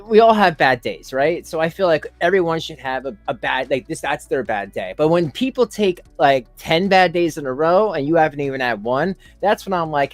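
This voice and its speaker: A man reacts to a video on his stream, rambling through sarcastic jokes and chuckling at his own remarks. His voice is dry and close to the mic, with soft music playing behind him. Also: on the high side, lively intonation, moderate pace, few pauses, no room sound. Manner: sarcastic, laughing, rambling asides. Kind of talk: mocking reaction commentary.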